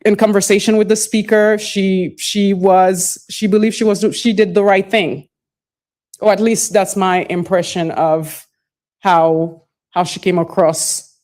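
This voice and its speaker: A middle-aged woman answers questions at a formal hearing. She picks her words slowly, restarts her phrases and circles back before finishing a thought. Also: medium pitch, level tone, a little mellow. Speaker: witness testifying at a hearing. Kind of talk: formal testimony.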